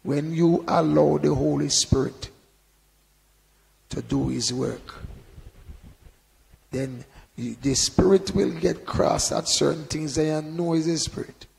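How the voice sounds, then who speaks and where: A man giving an informal sermon in a conversational preaching manner, often adding "you know" and then bursting into loud emphasis. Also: a little high, takes it slowly, vocal fry, pauses often, long reverb tail. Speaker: Bible teacher.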